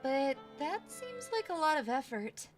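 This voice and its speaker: A woman's voice: high-pitched, sing-song, unhurried, over loud music. A young woman streamer playing a game, reading its text aloud and commenting in a bemused, playful way.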